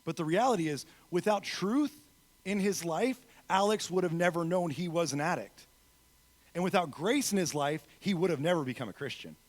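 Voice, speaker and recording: A man giving a sermon as a guest speaker in a church, telling stories with acted-out quotes, swinging from loud emphasis to soft, quiet moments. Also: fairly high pitch, expressive, moderate pace. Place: church sanctuary.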